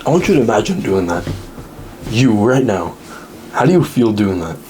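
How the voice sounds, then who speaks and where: A young man ranting straight to the camera in a mocking, crude, lecturing way, putting on high whiny voices when he quotes others. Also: very animated, normal speed, darkish tone, soft background music. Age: young adult. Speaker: social media commentator. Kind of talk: direct-to-camera rant.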